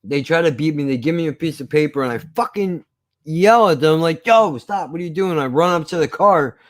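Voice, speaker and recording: Man, casual storytelling, profane, animated, dry recording. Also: fairly high pitch, fairly quick, no room sound.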